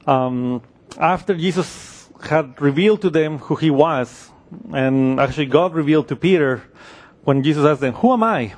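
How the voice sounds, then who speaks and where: A man giving unhurried Bible teaching, pausing often with fillers and restarting sentences as he explains scripture. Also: on the high side. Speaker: preacher.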